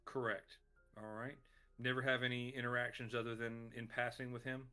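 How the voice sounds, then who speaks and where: A man's voice: mid-range voice, little pitch movement, moderate pace, sharp tone, clean tone, soft background music. Hesitant male player questioning. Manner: hesitant, filler-heavy. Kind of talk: in-character questioning in a tabletop game.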